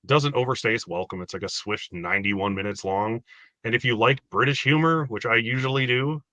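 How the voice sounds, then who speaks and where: A man's voice: medium pitch, a little fast, pushed and bright, no echo. A man chatting casually about a film on a video call, rambling with lots of fillers. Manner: rambling, filler-heavy, laughs often. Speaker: co-host reviewing movies. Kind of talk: casual movie review chat.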